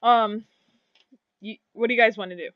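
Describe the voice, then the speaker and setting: A woman's voice: a little high, fairly even intonation, normal speed, no room sound, dull audio. A woman running a tabletop game as game master, talking in a rambling way with many fillers.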